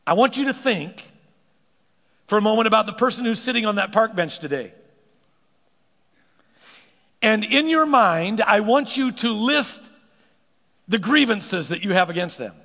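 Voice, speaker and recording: A pastor preaches with a gravelly, slightly raised voice, stumbling over repeated words as he gathers steam. The sound carries a long reverb from the church around him. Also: high-pitched, unhurried, pauses often. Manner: animated preaching, repeats words when starting sentences. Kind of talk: sermon.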